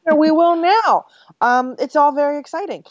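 A woman co-hosting a podcast, talking in loose, chatty fashion with an animated, swooping pitch. Her voice comes through slightly dull and dry, with no room around it. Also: moderate pace, no echo. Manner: chatty, a bit scattered, reads listener mail aloud. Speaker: podcast co-host. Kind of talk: casual chat.

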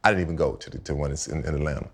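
Older ex-athlete guest with a low, gravelly voice; chatty, repetitive, animated storyteller. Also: male voice, racing. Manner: animated storyteller, repeats himself, acts out quotes. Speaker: guest, retired football player. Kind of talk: casual storytelling chat. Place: house set for a podcast.

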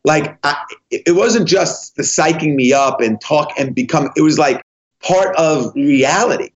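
Guy guest on a podcast, animated storyteller doing little voices, slightly muffled sound. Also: fairly high pitch, a little slow. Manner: animated, acts out dialogue in voices. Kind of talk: storytelling interview talk. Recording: slightly dull lo-fi audio.

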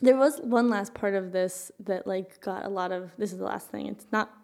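Woman, casual podcast chat, rambling explanation, vocal fry, warm dark tone. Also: mid-range voice, moderate pace. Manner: rambling, searching for words. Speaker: podcast co-host.

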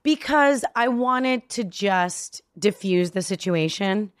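Woman, casual interview guest, animated storytelling, acts out other voices, mid pitch, dry mic. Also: slow pace, smooth, no echo. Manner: animated, acts out quoted voices, swears freely.

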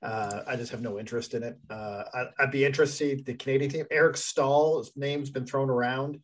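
A man chatting on a hockey podcast with a middle-pitched voice. He rambles, circles back and fills pauses with "uh" and "um." His tone is loose and offhand. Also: fairly even intonation. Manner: rambling, hesitant, laughs often. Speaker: podcast co-host. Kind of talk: casual sports chat.

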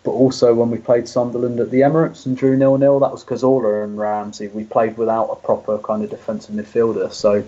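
Low flat male guest, husky, analytical, muffled lo-fi line. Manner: measured, analytical, hedging with fillers. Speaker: podcast guest. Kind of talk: casual chat.

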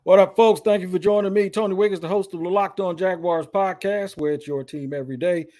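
Energetic male sports podcast host. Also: sits high, brisk. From Jacksonville, Florida. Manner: energetic, chatty and upbeat. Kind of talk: casual sports podcast talk.

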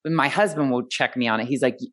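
A low-voiced woman host, animated. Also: quick pace. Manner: animated storytelling, acts out family members in quotes. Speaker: podcast host. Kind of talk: casual conversational interview.

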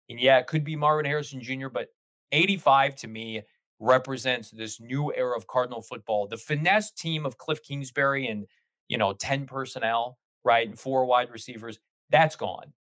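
A man in casual sports podcast chat, talking in long animated run-on stretches as a guest host. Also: mid-range voice, moderate pace, no room sound.

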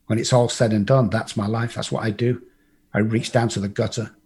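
Husky-voiced English man telling a story. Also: fairly low pitch, darkish tone. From England. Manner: blunt, swears freely, acts out other people's lines. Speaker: guest telling his life story. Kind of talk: casual storytelling.

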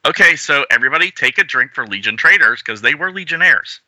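A man's voice: mid-range voice, lively intonation, quick pace, hardly any pauses, bright, forceful tone, no room sound, poor audio. A man hosting a casual chat about comics, reading panels aloud and laughing along. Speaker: podcast host. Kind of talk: casual comic-book discussion.

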